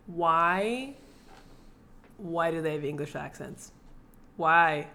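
A woman's voice: low voice, takes it slowly, sharp tone, slight background noise. A young woman co-hosting a podcast in casual chat, rambling with lots of filler words and casual swearing. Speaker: podcast co-host.

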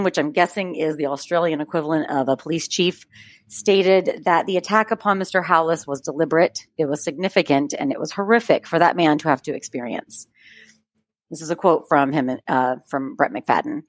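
A woman with a somewhat low voice reads a true-crime story aloud for a podcast. She keeps it casual, dropping in chatty asides and laughing between facts. The close mic gives a dry sound with almost no room. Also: dry recording. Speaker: podcast co-host.

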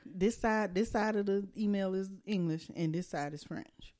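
A woman's voice: mid-range voice, normal speed, dark tone, dry recording, clean studio sound. A woman co-hosting a casual podcast, wry and blunt, with dialect-heavy remarks. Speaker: podcast co-host. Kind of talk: casual chat.

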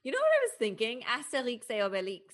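Young woman, podcast co-host, casual chat, swinging intonation, expressive. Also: fairly high pitch, fast talker. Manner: expressive, laughs often, swears casually.

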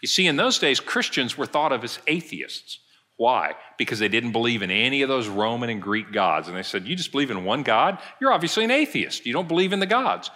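A man's voice: mid-range voice, big pitch swings, fairly quick, sharp tone. A middle-aged male pastor preaching a sermon, retelling a story and acting out the quoted lines.

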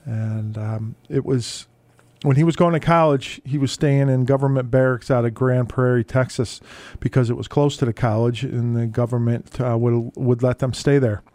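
A man with a medium-pitched voice hosts a radio music show, telling stories between records. His delivery is relaxed and halting, full of fillers, and the recording has no echo.

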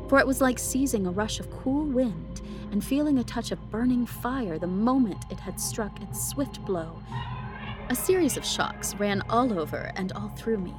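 A woman giving an expressive, emotional first-person reading of a ghost story for a podcast. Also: fairly high pitch. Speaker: podcast reader.

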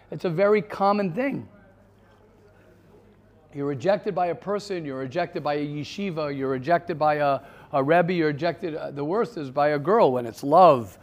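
A man, teaching an informal Torah class in an earnest, emphatic way, repeating his points. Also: a little high.

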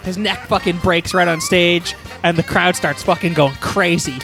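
A man's voice: high-pitched, fairly even intonation, normal speed, bright, forceful tone, soft background music. A man improvising a crude, rambling comedy story as host, with heavy profanity.

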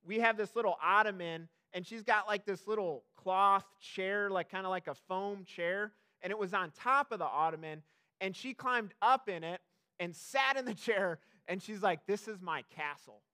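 Man, pastor, sermon, very high pitch, casual, self-deprecating, fillers and restarts. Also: moderate pace, pushed and bright, clear, resonant tone.

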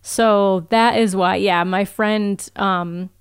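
Woman, podcast co-host, casual chat, chatty, filler-heavy, smooth clear voice, dry close sound. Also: medium pitch, steady tone, takes it slowly, dry recording.

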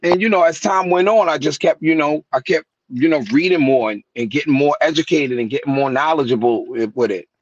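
A man tells his stories in a lively way, higher-pitched than most men, and jumps up in pitch whenever he quotes someone. His voice comes through a dull, lo-fi web call with a dry, close sound. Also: fairly quick, few pauses, no room sound. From New York. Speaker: guest rapper. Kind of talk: casual storytelling interview. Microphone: remote call mic.

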